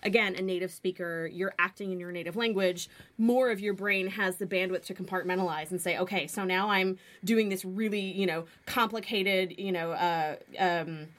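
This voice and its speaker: A woman's voice: lowish voice, fairly even intonation, normal speed, a bit bright. A woman singer talking in a casual interview, thoughtful and full of fillers.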